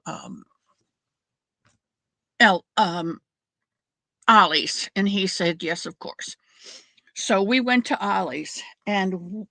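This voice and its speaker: A middle-aged woman chats with her viewers during a crafting stream, rambling and greeting people by name. Her voice is bright and lively at a middle pitch. The sound is close and dry, with no room echo. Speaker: crafting livestream host. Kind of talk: casual chat with live viewers.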